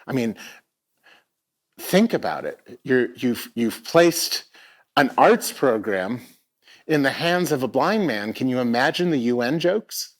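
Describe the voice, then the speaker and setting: A man's voice: mid-range voice, expressive, unhurried. A middle-aged man giving a personal storytelling talk on a theatre stage, reflective and given to hesitant restarts. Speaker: keynote speaker. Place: theatre stage before a live audience.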